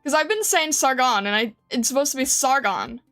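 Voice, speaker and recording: A woman's voice: sits high, lively intonation, fast talker, fairly bright tone, faint music behind. A woman streamer chatting casually with her viewers, giggling often and reading their comments aloud in a flustered way. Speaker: game streamer.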